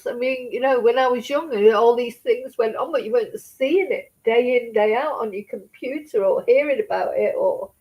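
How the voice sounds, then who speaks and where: Upset aussie woman on a live stream, bit teary, swears, nervous little laughs, highish voice. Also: moderate pace, hardly any pauses, muffled recording. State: tearful. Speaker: true crime streamer. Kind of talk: casual live-stream chat.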